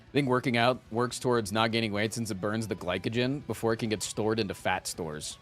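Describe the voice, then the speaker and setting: A man streaming live who chats casually with his viewers, rambling and animated, often tacking "man" onto his sentences. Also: lowish voice, fairly quick, soft background music.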